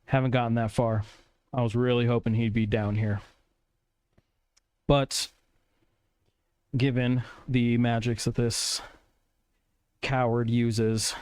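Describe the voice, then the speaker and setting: A man's voice: mid-range voice, clear, resonant tone, no echo. A man playing a tabletop game, talking bluntly and swearing freely. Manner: blunt, profane, determined. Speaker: player. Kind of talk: casual tabletop role-play.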